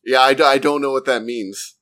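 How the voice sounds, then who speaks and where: A man's voice: mid-range voice, steady tone, brisk, a bit bright. A man co-hosting a podcast, listening and asking hesitant, casual questions. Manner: laid-back listener, short acknowledgements, hesitant questions. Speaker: podcast co-host. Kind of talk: casual chat.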